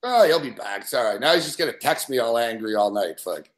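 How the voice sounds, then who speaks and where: A man's voice: mid-range voice, animated, fast, echoey room. A man hosting a late-night call-in show, profane and scolding, laughing between rants. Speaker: show host.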